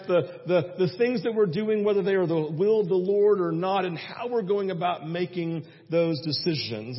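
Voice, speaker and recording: Man, young adult, pastor, high voice, animated storytelling, church hall reverb, dull sound. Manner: animated storytelling, acts out his own panicked prayers. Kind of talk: sermon. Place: church sanctuary.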